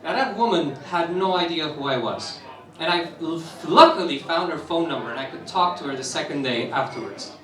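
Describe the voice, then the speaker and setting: Young man, from Romania, spoken-word storytelling, animated, echoey hall, distant mic. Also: a little high, fairly quick. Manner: animated, laughs through the funny parts. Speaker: open mic performer. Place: live stage in a roomy venue. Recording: echoey room, voice from some distance.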